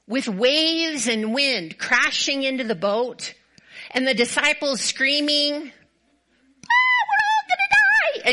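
Woman preacher, high pitch, bright and forceful tone, animated sermon storytelling. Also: rough recording. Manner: animated storytelling, acts out quoted voices; repetitive emphatic build-ups. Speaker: pastor.

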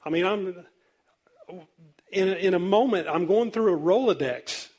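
A man's voice: sits high, a little slow, darkish tone, slightly rough. A man preaching a sermon as pastor, telling stories in a loose, conversational way with easy laughter. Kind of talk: sermon storytelling.

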